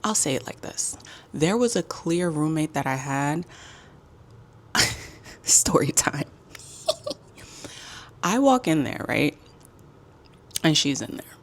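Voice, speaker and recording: A woman telling a casual storytime as a travel vlogger, with sassy, emphatic and animated delivery. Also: low-pitched, takes it slowly, pauses often.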